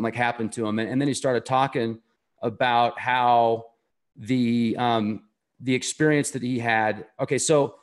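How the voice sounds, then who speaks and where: A man as an interview guest, telling a story in an earnest, enthusiastic and rambling way. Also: mid-range voice. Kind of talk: casual conversational storytelling.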